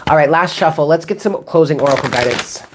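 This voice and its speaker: A woman's voice: low-pitched, quick pace, very noisy. A woman in her thirties, a tarot reader, rambling casually on a live stream, swearing freely and answering chat comments. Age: 30s.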